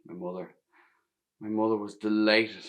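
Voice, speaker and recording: A grown stableboy recalling his youth, played by a man with a Northern Irish accent. He tells it in an intimate, often hushed stage monologue with a lowish voice. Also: level tone, moderate pace, close to an everyday voice. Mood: reflective. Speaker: actor in a one-man play. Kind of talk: theatrical monologue narration.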